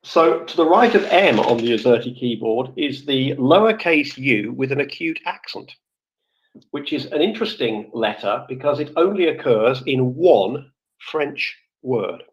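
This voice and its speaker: Man, mid-pitched voice, casual chat, rambling, self-correcting, lots of fillers, dull lo-fi audio-room sound. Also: animated, a little slow. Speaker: guest speaker, former office IT support. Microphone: computer or phone mic in a live audio room.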